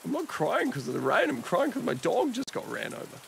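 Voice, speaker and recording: A man's voice: high voice, huge pitch swings, fairly quick, vocal fry, breathy edge, heavily acted. A man playing a distraught, whiny grieving man. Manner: whiny and exasperated. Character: distraught young man grieving his dog.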